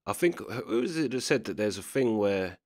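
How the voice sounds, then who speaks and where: With a lowish, darkish voice and lively intonation, an English commentator reacts to clips at a moderate pace. He's chatty and keeps asking "do you know what I mean," captured in clean studio sound with no room noise.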